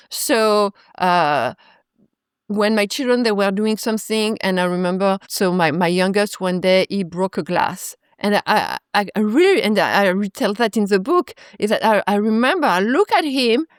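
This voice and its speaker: A woman's voice: medium pitch, no echo, clean studio sound. A woman in her forties, a yoga teacher and guest, telling stories in a reflective way with many restarts. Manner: reflective, retells stories with acted quotes, frequent restarts. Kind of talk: conversational interview.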